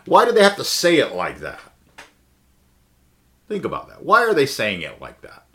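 A man's voice: medium pitch, huge pitch swings, normal speed, a bit bright. A man teaching the Bible in a conversational sermon, emphatic and full of rhetorical questions. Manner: emphatic, asks the listeners many rhetorical questions.

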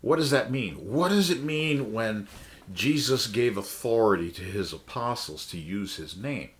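A man's voice: medium pitch, expressive, unhurried, slight background noise. A man teaching the Bible in a conversational sermon, emphatic and full of rhetorical questions. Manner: emphatic, asks the listeners many rhetorical questions.

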